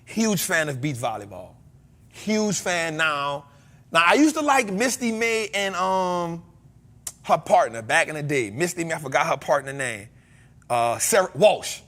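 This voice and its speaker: American man, high bright voice, lively swings in pitch, joking casual chat host. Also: a little slow. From United States. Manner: animated, joking, bursts of loud exclamations. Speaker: podcast host.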